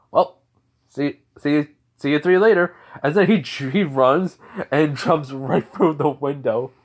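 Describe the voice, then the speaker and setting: A man narrating an improvised fan story in a rambling way, full of fillers and restarts. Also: mid-range voice.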